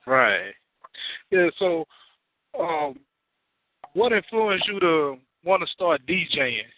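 A man's voice: sits high, lively intonation, takes it slowly, gravelly, dry recording. A man interviewing a guest, starting his questions in a hesitant way with "so, um". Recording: tinny phone-like dry line.

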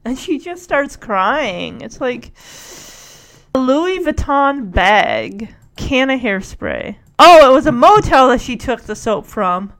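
A woman's voice: sits high, very animated, slow, fairly bright tone. A woman hosting a casual recap chat, talking in a chatty, sarcastic way and laughing often.

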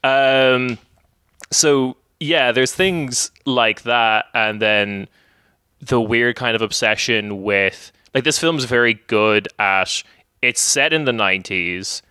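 A man's voice: medium pitch, slow pace, pushed and bright, clean tone, no echo, studio quality. A man, rambling casually as a podcast guest with lots of fillers and restarts.

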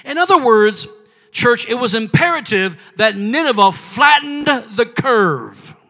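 A man preaching a sermon as pastor, calling out to his congregation and rising to shouts. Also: very high-pitched, expressive, slow pace.

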